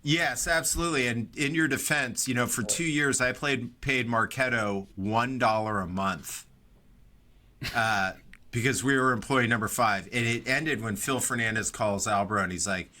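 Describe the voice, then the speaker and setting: A man co-hosting a business podcast, telling lively anecdotes and acting out the quotes in casual chat. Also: fairly low pitch, normal speed. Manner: animated storyteller, acts out quotes.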